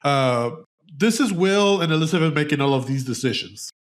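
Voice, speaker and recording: An animated man hosting a casual podcast, his voice sitting a little above the usual male pitch. He talks about films loosely, tripping over restarts and dropping the odd swear word. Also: normal speed. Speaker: podcast host. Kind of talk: casual film chat.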